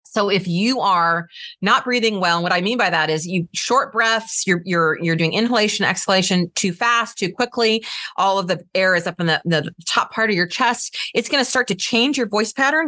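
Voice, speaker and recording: Speaking at normal speed with a medium pitch and a sharp tone, a woman gives trial lawyers an energetic instructional talk. She demonstrates various vocal tones as she teaches; the recording has no echo.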